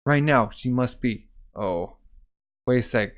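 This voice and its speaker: A man's voice: mid-range voice, slow pace, long pauses. A man reading a manga aloud in a casual way, voicing the characters and saying the sound effects himself. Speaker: manga reader.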